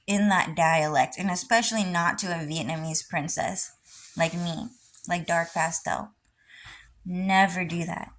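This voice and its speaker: A woman's voice: lowish voice, fairly even intonation, measured pace, fairly bright tone, low-quality recording. A young adult woman rambling through a personal vlog monologue, lecturing insistently and repeating herself again and again. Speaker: vlogger.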